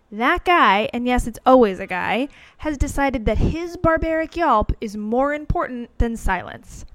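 A woman hosting her own show in a casual, animated monologue, opinionated and full of wry asides. Her voice sits fairly high. The sound is dry and close, with no room around it. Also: a little slow, no echo. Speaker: podcast host.

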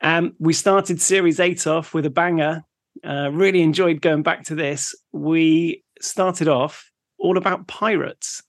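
A man's voice: fairly high pitch, steady tone, measured pace, no room sound, studio quality. A man co-hosting a podcast in easygoing casual chat, chatty and laughing along. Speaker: podcast co-host.

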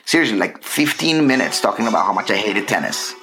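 A man's voice: fairly low pitch, fast talker, over music. A middle-aged man co-hosting a casual chat, ranting and mocking himself. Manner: ranting, self-mocking, animated. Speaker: podcast co-host.

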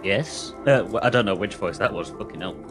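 A man's voice: sits low, quick pace. A man joking around casually as a player in a tabletop role-playing game. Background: music.

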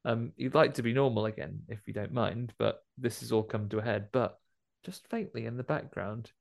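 A man's voice: medium pitch, moderate pace, creaky. A man chatting casually about a film, jokily acting out the characters' lines. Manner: jokey, playfully acts out film characters' lines.

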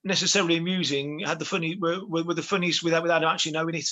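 A man with a fairly high voice talks quickly as a guest. He rambles cheerfully, restarting his sentences and padding them with fillers. It all sounds like a loose, casual call. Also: fairly even intonation, bright, forceful tone, highs cut off. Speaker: guest, former footballer. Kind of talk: casual chat.

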